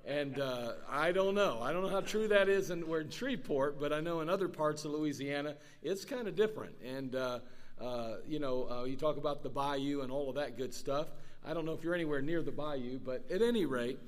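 Halting pastor introducing a speaker. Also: male voice, on the high side. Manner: halting, many fillers and restarts. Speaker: church pastor, host. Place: church service.

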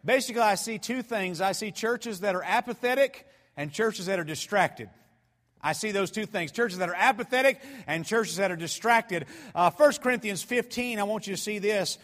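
A man preaching a fervent sermon that swings from hushed storytelling to shouting. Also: sits high, normal speed. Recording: long hall reverb.

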